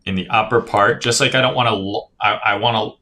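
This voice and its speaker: A man's voice: fairly low pitch, fairly even intonation, fairly quick, sharp tone. A man streaming casual crypto chart analysis, talking loosely with swearing, reading viewer comments aloud and often tagging "right?". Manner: casual, profane, reads chat aloud, says "right?" often. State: yawning, tired.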